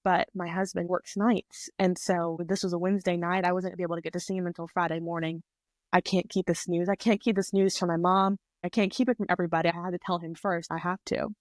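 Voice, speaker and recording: A young woman in her twenties chats through a personal story as a podcast guest, her voice sitting a little low for a woman. She talks in an animated, rambling way, on a close, dry mic. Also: quick pace, dry recording. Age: 20s. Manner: chatty, animated retelling with quoted voices. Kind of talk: casual storytelling.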